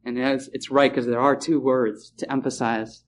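A man preaching a sermon in a chapel, repeating key phrases and slowing down to stress words. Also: mid-range voice, level tone, a little hiss or hum.

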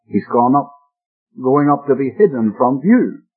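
A man's voice: medium pitch, big pitch swings, measured pace, husky. A man preaching a Bible-teaching sermon on the radio, earnest and emphatic as he explains the text. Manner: earnest, emphatic expository delivery. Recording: narrow-band old radio broadcast.

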